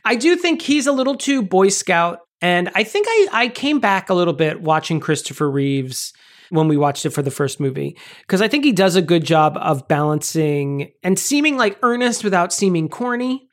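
A man's voice: high-pitched, animated, moderate pace. A man co-hosting a podcast, chatting casually and wryly about a movie with strong joking opinions. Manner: wry, jokey, opinionated. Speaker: podcast co-host.

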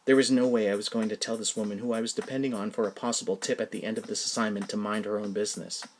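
A man, the podcast host, reading his own first-person story in a plain, even manner. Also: lowish voice, fast talker. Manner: plain, even storytelling, casual asides in the outro.

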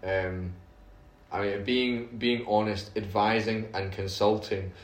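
A man's voice: fairly low pitch, steady tone, slow pace. A man co-hosting a casual podcast, easygoing and rambling. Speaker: podcast co-host. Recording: echoey room.

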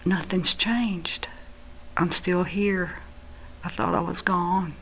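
Soft whispery dying young guy, as his mom quotes him, kinda low voice. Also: fairly even intonation, takes it slowly. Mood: gentle. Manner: hushed, half-whispered. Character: dying young man speaking softly of heaven.

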